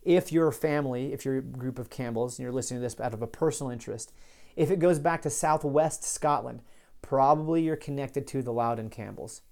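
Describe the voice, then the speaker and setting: A man hosts a laid-back solo history podcast, his voice mellow and warm. He tells old stories casually, drifting into asides and stopping mid-sentence to correct himself. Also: mid-range voice, fairly quick. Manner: chatty, digressive, restarts and corrects himself. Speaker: podcast host.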